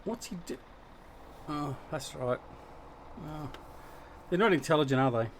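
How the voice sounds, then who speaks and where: A man's voice: fairly high pitch, expressive, unhurried, a little hiss or hum. An Australian man chatting casually with viewers while hosting a gaming livestream, greeting people by name and joking about himself. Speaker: livestream host.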